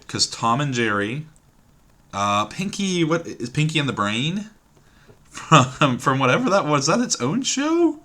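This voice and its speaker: A man of medium pitch, his voice pushed and bright, streams a word puzzle from his computer. Thinking aloud, he muses with hesitation, trails off, and says words over to himself.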